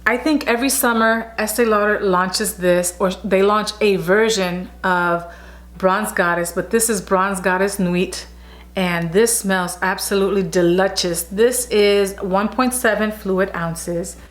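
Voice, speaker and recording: This woman vlogger has a mid-range voice with fairly even intonation and a measured pace. She chats casually about beauty products on a camera mic at home, gushing, restarting often, and slipping in asides as she reviews them.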